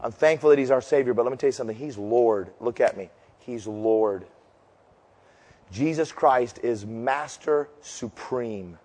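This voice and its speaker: A man preaching a sermon as pastor, telling stories loudly, shouting punchlines, then dropping low and slow to make his point. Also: big-room sound. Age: 50s.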